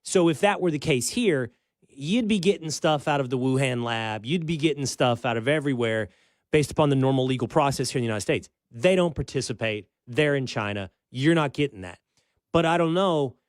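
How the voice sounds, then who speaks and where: A man's voice: mid-range voice, fairly quick, dry recording. A man hosting a talk show, chatting in a casual, rambling, wry way. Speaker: show host.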